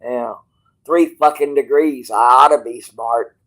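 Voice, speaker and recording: A man livestreaming from a hospital bed, rambling bluntly and with swearing, going from quiet musing to loud, stubborn outbursts. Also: medium pitch, a little slow, rough recording. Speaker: streamer.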